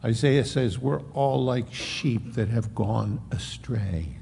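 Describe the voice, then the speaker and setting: Gravelly-voiced pastor preaching in a hall. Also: male voice, mid-range voice, dark tone. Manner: emphatic, slows for stress, conversational asides. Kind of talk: sermon. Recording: long hall reverb, faint noise.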